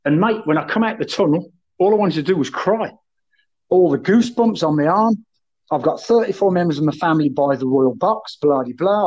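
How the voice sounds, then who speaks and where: A man's voice: a little high, a little mellow, husky, lo-fi sound. A man telling rowdy, sweary football stories in casual chat, addressing the host by name again and again. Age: 30s then, now older. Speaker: guest, former footballer.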